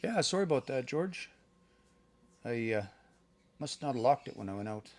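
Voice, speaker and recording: Male language teacher, gravelly, mid pitch, casual live-stream lesson at home, thinks aloud and sounds words out slowly. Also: big pitch swings.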